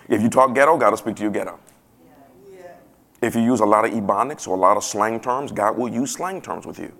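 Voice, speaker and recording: A man preaching a sermon in a casual, playful way that swells to loud emphasis now and then. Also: lowish voice, vocal fry. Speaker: pastor.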